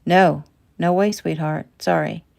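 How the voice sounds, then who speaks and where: A woman voicing a husband, calm, firm, low gravelly voice. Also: unhurried. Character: steady husband and father.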